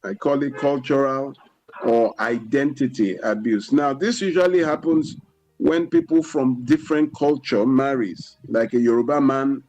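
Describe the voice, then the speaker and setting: A man's voice: mid-range voice, darkish tone, highs cut off. Nigerian man explaining on radio. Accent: Nigerian English. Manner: deliberate, explanatory, peppered with "you know". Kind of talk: radio talk show explanation. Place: radio studio.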